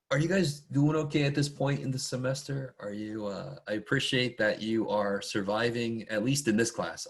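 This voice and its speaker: A man teaching a math class online in a casual, chatty, rambling way, often talking fast and poking fun at himself. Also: lowish voice. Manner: chatty, rambling and self-deprecating; talks fast much of the time. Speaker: math instructor. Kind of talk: casual online lecture to students.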